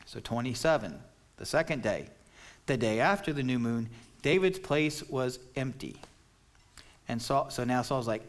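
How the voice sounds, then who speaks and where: A man's voice: medium pitch, lively intonation, measured pace. A man preaching an expository sermon, explaining scripture in a plain, conversational way. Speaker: pastor.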